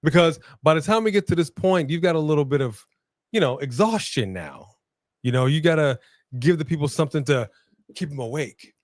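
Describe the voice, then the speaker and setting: A man's voice: fairly high pitch, expressive, a little fast, dry recording, studio quality. A man co-hosting a casual live stream, reading viewer comments and laughing often. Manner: laid-back, laughs often, repeats phrases. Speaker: co-host of a wrestling watch-along stream.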